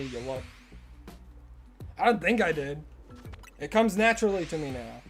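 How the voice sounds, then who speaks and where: Aussie guy streaming games, joking with chat, voice cracks now and then, quiet music in the background. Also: a little high, sing-song, normal speed. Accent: Australian. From Australia. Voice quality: prone to voice cracks. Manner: jokey, greets and answers chat readers. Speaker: live streamer. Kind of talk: casual live-stream chat while gaming.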